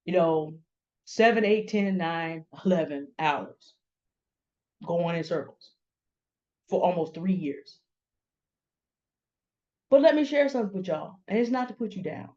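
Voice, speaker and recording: A woman's voice: on the low side, lively intonation, a little slow, pauses often, a little mellow. Pointed middle-aged woman, dull sound. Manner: pointed, confrontational, addressing people by name. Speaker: commentary host. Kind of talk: direct-address commentary.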